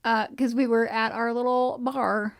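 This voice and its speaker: A woman co-hosting a casual podcast chat, wry and dry, quick to laugh. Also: fairly high pitch, level tone, no room sound. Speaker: podcast co-host.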